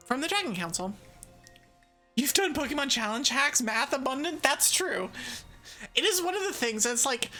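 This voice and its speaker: Giggly, bright-voiced woman streamer. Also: high voice. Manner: bubbly, giggly, jokey and sarcastic. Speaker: VTuber streamer. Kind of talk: casual live-stream chat, answering chat.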